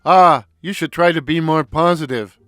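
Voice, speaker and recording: A man doing a loud goofy Brooklyn clown. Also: normal speed, dry recording, clean studio sound, soft background music, lightly acted. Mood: cheerful. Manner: loud, squeaky falsetto outbursts and stammering. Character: loud goofy stocky man, childlike and bewildered. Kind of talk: audio story reading.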